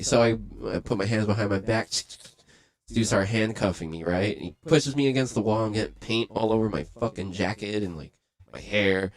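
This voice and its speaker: A man hosting a livestream, casually telling a profane, animated story and acting out quotes along the way. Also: on the low side, moderate pace. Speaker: livestream host.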